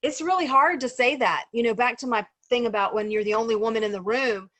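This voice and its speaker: A woman's voice: on the high side, brisk, fairly bright tone, no echo. Casual woman leading a group discussion. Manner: conversational, many ums and "right?" checks. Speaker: discussion circle facilitator.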